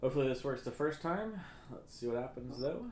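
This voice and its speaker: A man casting a video game match in a casual, relaxed way, with frequent fillers. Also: mid-range voice, a little fast, reverberant, slight background noise. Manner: relaxed, hesitant with many fillers. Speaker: esports caster. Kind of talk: casual esports commentary.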